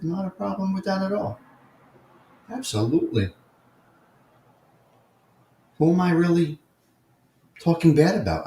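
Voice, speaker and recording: A man's voice: medium pitch, a little mellow, slight background noise. Man, New York accent, live-stream host, emphatic, repeats himself, answers chat by name, echoey room. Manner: repetitive and emphatic, addresses chatters by name. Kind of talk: casual livestream chat, reading and answering viewer comments. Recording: roomy echo.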